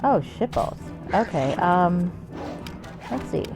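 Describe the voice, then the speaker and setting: Lively, low-voiced woman streaming a game. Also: slow, vocal fry. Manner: chatty, swears freely, talks to game characters. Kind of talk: casual gameplay commentary. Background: game music.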